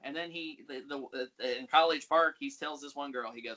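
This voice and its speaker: Man guest telling stories, bright tone, quotes people with a raised voice. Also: normal speed, few pauses, slight background noise. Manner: storytelling, acts out quotes with raised pitch. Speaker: podcast guest, pawn shop worker. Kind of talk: anecdotal casual chat.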